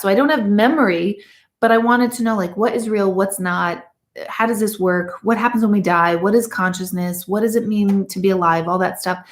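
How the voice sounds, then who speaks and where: A woman's voice: medium pitch, roomy sound. A woman working as a medium, chatting casually and rambling through stories while reading viewer comments. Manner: chatty, rambling storyteller with lively asides. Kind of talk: casual livestream chat.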